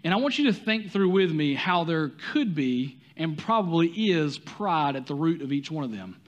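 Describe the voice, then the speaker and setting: A man's voice: a little high, very animated, moderate pace, muffled recording. A man with a Southern US accent preaching a sermon, talking to the congregation with many rhetorical questions and some stumbles. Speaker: pastor.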